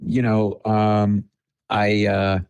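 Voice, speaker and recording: Speaking very slowly in a clear, resonant voice on the low side, a male comedian guest on a storytelling podcast animatedly tells tales and acts out their dialogue. The recording has no room sound but is low in quality.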